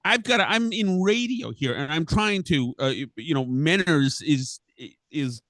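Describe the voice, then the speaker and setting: A man's voice: a little high, animated, unhurried, a bit bright, no echo. A middle-aged man hosting a podcast, ranting furiously and swearing with sputtering restarts. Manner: furious, profane, sputtering rant. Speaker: podcast host. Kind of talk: angry ranting monologue.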